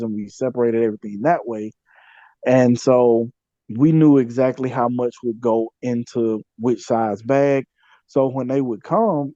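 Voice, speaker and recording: A man's voice: medium pitch, mellow, no echo, dull audio. A man, a podcast guest, telling a story in a loose, conversational way with many fillers and repeated phrases. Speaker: podcast guest, community activist. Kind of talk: casual storytelling interview.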